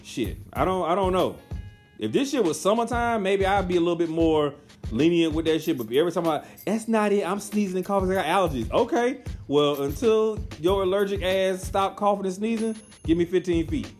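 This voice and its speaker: A young man ranting in a profane, animated casual monologue. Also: sits high, moderate pace, faint music behind.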